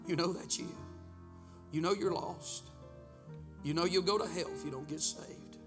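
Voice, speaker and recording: A middle-aged man preaching a revival sermon and altar call in a church, swinging from loud, fervent rhythmic urging to hushed near-whispers. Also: high voice, normal speed, music in the background. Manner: fervent, rhythmic preaching with sudden soft drops. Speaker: pastor. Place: church sanctuary.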